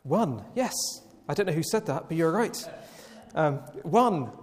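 A man preaching a Sunday evening sermon, slow and emphatic, with long pauses. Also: fairly high pitch, animated, darkish tone. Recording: long reverb of a church hall.

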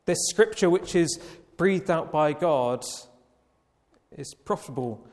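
A man preaching a Sunday evening sermon, slow and emphatic, with long pauses. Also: fairly high pitch, lively intonation, a little mellow. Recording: long reverb of a church hall.

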